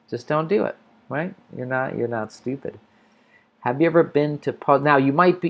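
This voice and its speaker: An American man hosts an English-learning livestream, speaking at a medium pitch. He answers viewer comments casually and thinks aloud, often restarting.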